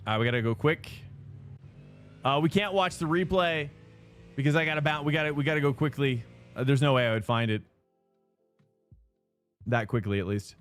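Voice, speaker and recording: A man's voice: on the high side, normal speed, long pauses, fairly bright tone, soft background music. Rambling male sim racing streamer. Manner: rambling, chatty, answers viewer chat. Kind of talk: live stream chat while racing.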